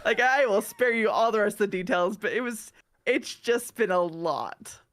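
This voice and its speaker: A woman in her thirties co-hosts a podcast while nursing a cold. She rambles through her stories in easygoing chat and laughs at her own mishaps. Her pitch sits in the middle range. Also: animated, normal speed. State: has a cold. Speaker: podcast co-host. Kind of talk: casual chat.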